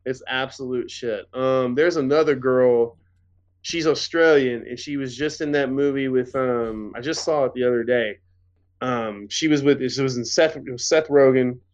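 A man co-hosting a podcast in casual, rambling chat, swearing freely and getting animated. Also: mid-range voice, normal speed, highs cut off. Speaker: podcast co-host.

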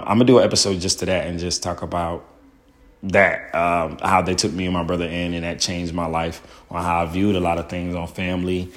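A man, a stand-up comedian, telling his own story in a loose, profane way full of fillers and "boom". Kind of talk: casual storytelling.

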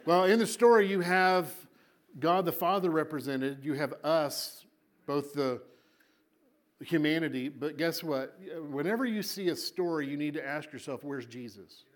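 A male preacher with a fairly high voice tells a story to a congregation. He repeats words for emphasis and moves between booming lines and quiet asides. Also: normal speed. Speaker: pastor. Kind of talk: sermon.

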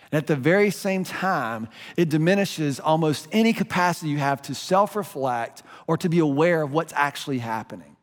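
Male pastor, passionate sermon delivery, higher voice, long sanctuary reverb. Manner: passionate preaching, swings from soft to emphatic. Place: church sanctuary.

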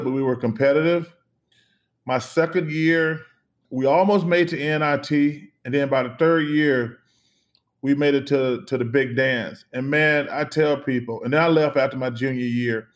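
Animated middle-aged man telling stories. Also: a little high. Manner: animated storyteller, emphatic, repeats phrases, swears casually. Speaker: interview guest, former basketball player. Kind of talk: casual storytelling interview.

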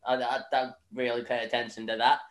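A man's voice: medium pitch, flat delivery, brisk. A young Northern Irish man recapping a film in casual chat, rambling with lots of fillers, swearing and laughing. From Northern Ireland. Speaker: podcast host. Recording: echoey room.

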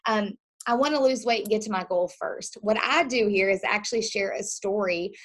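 A woman's voice: mid-range voice, moderate pace. A woman health coach giving an upbeat training talk to fellow coaches, acting out the lines of the people she quotes.

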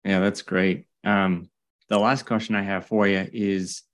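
A man's voice: sits low, level tone, measured pace. A man hosting a podcast interview, rambling and enthusiastic as he tells stories and builds up to his questions. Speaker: podcast host.

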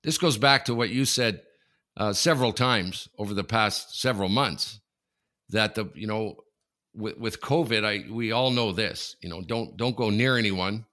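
A man's voice: lowish voice, normal speed. A man from Canada co-hosting a casual chat show, telling anecdotes with lots of laughter. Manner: animated storyteller, laughs through anecdotes. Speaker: podcast co-host.

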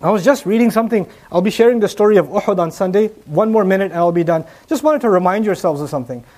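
High-voiced man preaching emphatically. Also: animated, fast, a little mellow. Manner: emphatic, with repeated rhetorical questions. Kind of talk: sermon.

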